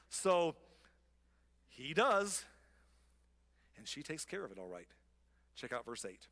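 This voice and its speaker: Man, pastor, conversational sermon, wry asides, slightly high voice, long hall reverb. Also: big pitch swings, slow pace, pauses often, pushed and bright.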